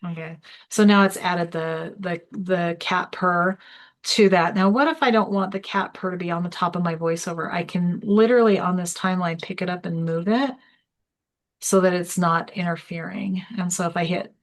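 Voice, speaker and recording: A woman's voice: on the low side, steady tone, moderate pace. A woman instructor giving a live online tutorial, chatty and explaining step by step as she clicks through an app. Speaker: small business workshop instructor.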